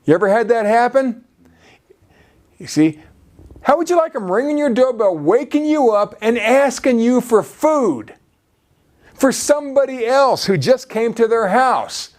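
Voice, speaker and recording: A man's voice: very high voice, sing-song, measured pace. A male preacher delivering a sermon, peppering his talk with "you see" and frequent restarts.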